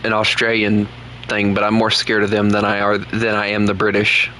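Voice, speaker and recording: A man's voice: lowish voice, monotone, normal speed, pushed and bright, a little hiss or hum, rough recording. A man, chatting casually and joking teasingly while streaming a game. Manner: joking, playfully teasing, laughs often. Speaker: gaming streamer. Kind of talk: casual live gameplay chat.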